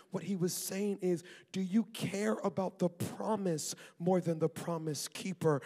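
A man preaching a sermon as pastor, lively and talkative, with asides to the congregation and laughter. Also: high voice, measured pace, hardly any pauses, in a large hall. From Maryland. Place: church auditorium.

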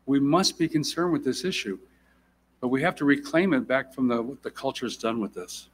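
A man preaching a sermon as a guest speaker, urgent and emphatic, swinging between loud rises and quiet drops, and acting out quoted people in raised voices. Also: medium pitch, expressive, moderate pace, a little hiss or hum.

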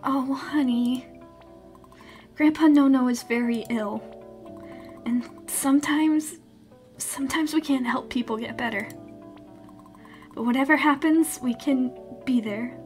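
A woman reading the lines of a gentle, scatterbrained mother on the phone, in a soft, tender way. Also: high-pitched, a little slow, pauses often, soft background music. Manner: soft and tender, calls her daughter darling. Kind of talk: reading game dialogue aloud.

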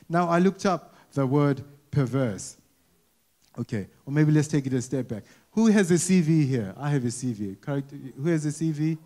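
A man with a fairly high voice preaches to a church congregation in an easy, conversational way. He restarts and repeats words often and keeps asking the people questions. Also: lively intonation, normal speed, darkish tone. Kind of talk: conversational sermon. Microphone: wearing a mic.

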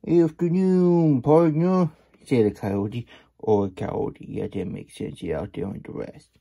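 A man's voice: on the low side, fairly even intonation, normal speed, vocal fry, dark tone, husky. A man hosting a casual storybook reading, with playful cowboy-persona banter and rambling asides. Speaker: children's book reader.

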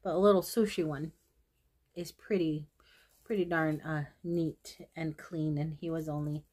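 A woman's voice: low voice, fairly even intonation, unhurried, darkish tone. A woman vlogger chatting casually to her viewers about her thrift store haul, easily sidetracked and gushing over each find. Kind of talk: casual haul chat to camera.

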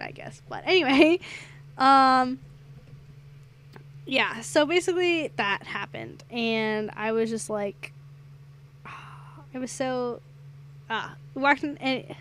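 A woman's voice: on the high side, a bit bright, a little hiss or hum. A young adult woman streamer chatting casually while gaming, rambling through a story and getting sidetracked by the game.

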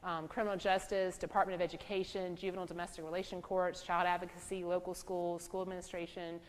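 Lower-voiced woman lecturing in an echoey hall. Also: quick pace. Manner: storytelling, animated when acting out quotes, laughs. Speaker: trauma trainer and speaker. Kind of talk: lecture to a law school audience.

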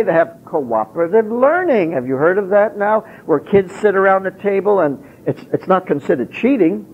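A man's voice: fairly high pitch, breathy edge. A man giving an emphatic public lecture, posing rhetorical questions and answering them himself. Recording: tinny lo-fi phone-like recording.

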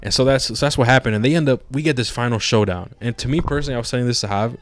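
A man's voice: mid-range voice, rapid-fire. A man co-hosting a podcast, chatting casually and profanely about a movie, acting out scenes in put-on voices. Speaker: podcast co-host. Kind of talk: casual movie review chat.

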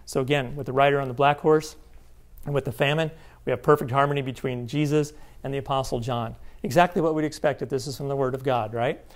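A man's voice: medium pitch, fairly even intonation, quick pace. A man giving an emphatic Bible teaching seminar, often checking in with his listeners. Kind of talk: sermon-style seminar teaching.

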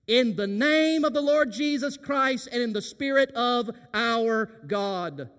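A preacher with a strikingly high, ringing voice delivers an impassioned sermon to his congregation. He drops to a near hush, then climbs to fervent shouts, and his words ring out through the long reverb of a church sanctuary. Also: lively intonation, takes it slowly, few pauses. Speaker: senior pastor. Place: church sanctuary during worship service.

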